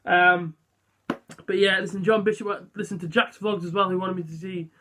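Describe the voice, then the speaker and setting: Chatty young man, bright and high. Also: little pitch movement, brisk, a little hiss or hum. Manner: chatty, self-deprecating, many fillers. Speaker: vlogger. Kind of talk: casual vlog chat.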